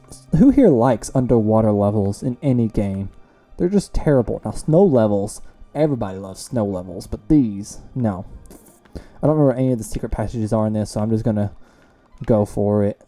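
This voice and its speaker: Casual let's-play host, young man, warm dark tone, self-deprecating banter over soft game music. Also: lowish voice. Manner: chatty, self-mocking, reacts loudly to close calls. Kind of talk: casual gameplay commentary.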